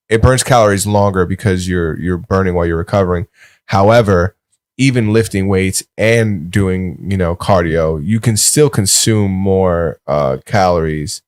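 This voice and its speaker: A man's voice: sits low, unhurried, no echo, clean studio sound. A man co-hosting a podcast, rambling and arguing in casual, profane chat. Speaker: podcast co-host.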